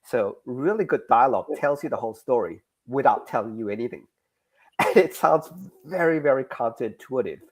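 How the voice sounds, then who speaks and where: A middle-aged Australian man speaks as an interview guest, talking over his craft in a lively, animated way. He slips into little acted-out bits of dialogue to make a point. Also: medium pitch, a little fast. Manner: animated, acts out dialogue examples. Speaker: guest creator. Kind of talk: casual interview chat.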